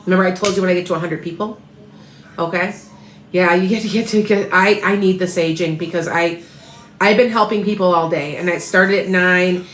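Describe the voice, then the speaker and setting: A woman's voice: on the low side, steady tone, a little fast, roomy sound, a little hiss or hum, rough recording. A tired woman reading tarot, chatting casually and rambling on a livestream as she greets viewers by name. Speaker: tarot reader.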